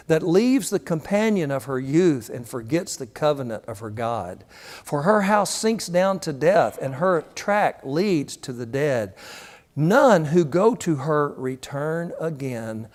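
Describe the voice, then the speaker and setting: A man, preaching a sermon and telling stories with animated quoted voices. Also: on the high side. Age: 60s. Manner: animated storytelling, acts out quotes with shifting voice. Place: church hall. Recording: reverberant church hall.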